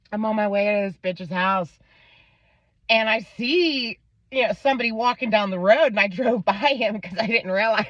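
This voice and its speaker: A medium-pitched woman from Pennsylvania, in her thirties, casually tells a story about her child full of swearing and acted-out quotes from the people in it. Sound quality is dull, dry and lo-fi.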